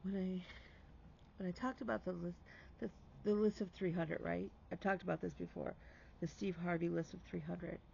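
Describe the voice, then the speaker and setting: A man's voice: sits high, fairly even intonation, normal speed, creaky, dark tone, lo-fi sound, a little hiss or hum. A man hosting a stitching vlog, telling a heartfelt story in casual chat and dropping to a whisper for emphasis.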